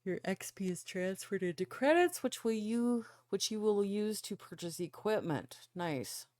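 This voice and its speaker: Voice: mid-range voice, lively intonation, a little mellow, no echo, studio quality. Sleepy gamer reading tutorial text aloud. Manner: reads on-screen tutorial text aloud with quick asides. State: sleepy, yawning. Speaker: gaming channel host. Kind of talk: casual let's play commentary.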